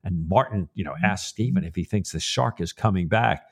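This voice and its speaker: A man with a somewhat low voice retells a novel chapter on a podcast. He is relaxed and chatty and keeps the tone light. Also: moderate pace, vocal fry. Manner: relaxed and chatty, with "you know" fillers and light laughs. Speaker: podcast co-host.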